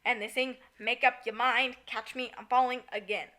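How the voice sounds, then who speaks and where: A woman with a very bright, slightly high voice co-hosts a casual podcast. She giggles often and slips into little acted-out lines while recapping a story. Her talk is animated and chatty. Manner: giggly, animated, acts out characters in quick asides. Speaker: podcast co-host. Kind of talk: casual chat recapping a musical.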